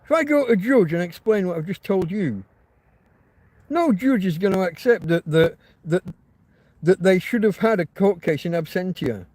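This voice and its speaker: A man's voice: high-pitched, expressive, normal speed, a little mellow, no echo. A man hosting a rambling livestream chat, ranting and swearing freely. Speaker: livestream host.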